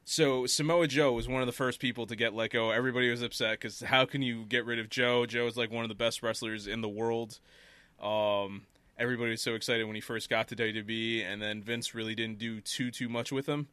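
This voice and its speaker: Man, casual podcast host, bright tone, dry close sound, animated storyteller. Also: mid-range voice, brisk, smooth, dry recording. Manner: animated storytelling, laughs often. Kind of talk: casual chat.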